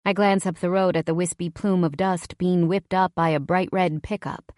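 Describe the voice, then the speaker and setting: Woman, audiobook narration, low pitch, dry close mic, wry and expressive. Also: moderate pace, dry recording. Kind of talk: first-person romance audiobook narration.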